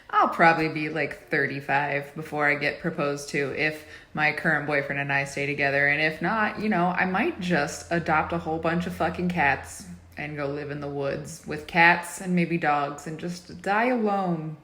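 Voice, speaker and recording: Woman, 20s, vlogger, exasperated and profane, phone held at arm's length, slightly low pitch. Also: a bit bright. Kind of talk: casual selfie video chat.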